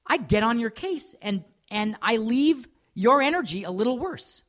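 A man's voice: very high voice, animated, normal speed, fairly bright tone. Podcast guy rambling and cursing, voice jumps all over the place. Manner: rambling, swearing, self-mocking, slips into put-on voices. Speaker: podcast co-host. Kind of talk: casual chat.

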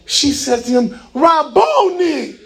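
A male pastor preaching a sermon in a fervent call-and-response style, often shouting and coaxing the congregation with folksy asides. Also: very high-pitched, expressive, unhurried, poor audio. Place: church sanctuary with congregation.

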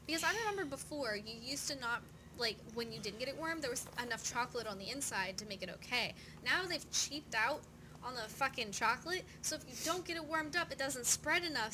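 A woman's voice: high voice, background noise. A woman co-hosting a podcast, speaking bluntly in casual chat and swearing. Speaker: podcast co-host.

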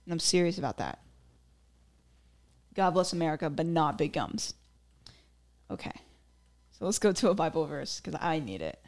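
A woman's voice: on the low side, animated, moderate pace, long pauses. A young woman hosting her own podcast, talking casually on her own, full of "like" fillers and giggly asides. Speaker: podcast host. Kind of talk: casual solo podcast chat.

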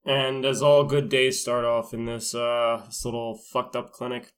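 A man co-hosting a podcast, recapping a show in a crude, rambling, deadpan way. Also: medium pitch, a little slow. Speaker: podcast co-host. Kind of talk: casual comedic recap.

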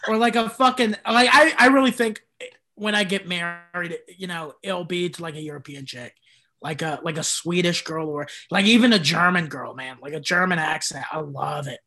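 A stand-up comedian chatting casually on a podcast, telling slangy, laid-back stories and acting out little bits. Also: male voice, high voice, normal speed, sharp tone.

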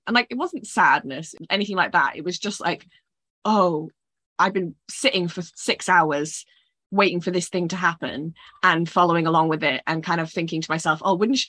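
A woman's voice: lowish voice, bright, forceful tone, dry recording. A woman co-hosting a podcast in casual chat, reflecting and thinking aloud. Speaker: podcast co-host.

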